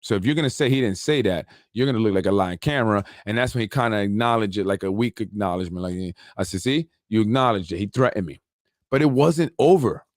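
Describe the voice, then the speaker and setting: Low-voiced New man telling a grievance. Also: fast, hardly any pauses, dry recording, clean studio sound. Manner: animated, street-slang, repeats himself for emphasis. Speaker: show host. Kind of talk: casual storytelling monologue.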